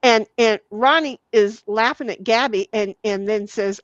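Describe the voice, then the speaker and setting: A woman's voice: on the high side, measured pace, no room sound, lo-fi sound. A woman hosting a casual livestream, reading viewer comments aloud in a salty, giggly way and swearing freely. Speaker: livestream host.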